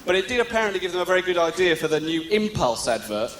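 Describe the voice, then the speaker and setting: A man's voice: sits high, big pitch swings, fast talker, echoey room, slight background noise. A man doing live stand-up in a theatre, teasing the crowd in a sardonic way. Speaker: stand-up comedian. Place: theatre stage. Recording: live theatre recording with loud audience.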